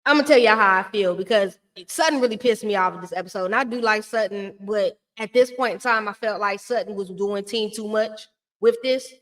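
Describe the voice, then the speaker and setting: A woman's voice: medium pitch, a little fast, fairly bright tone. A woman giving a blunt, chatty recap of a reality show in a casual, slangy way.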